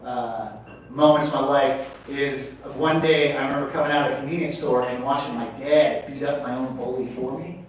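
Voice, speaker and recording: A man's voice: mid-range voice, a little hiss or hum. Forties male comic from Oregon, crude and profane, works the crowd; roomy venue sound, mic far off. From Portland, Oregon, USA. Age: 40s. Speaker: stand-up comedian. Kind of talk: open mic stand-up. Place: small comedy venue, indoors. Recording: echoey venue, distant mic.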